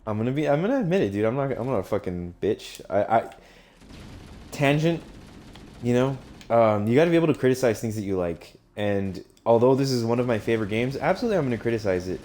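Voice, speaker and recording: A young gaming streamer gives casual let's-play commentary, gushing, swearing, and laughing often. His medium-pitched voice is mellow, sing-song, and fast, with slight background noise.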